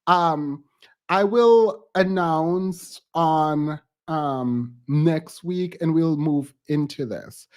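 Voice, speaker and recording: Male live stream host, slow halting speech, slightly high voice, close to tears, thankful. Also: darkish tone, clean tone. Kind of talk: casual live stream sign-off.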